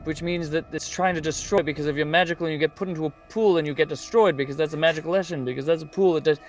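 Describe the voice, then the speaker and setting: A man playing a tabletop role-playing game, excitable and rambling. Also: a little high, rapid-fire, faint music behind. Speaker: player. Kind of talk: tabletop role-play chat.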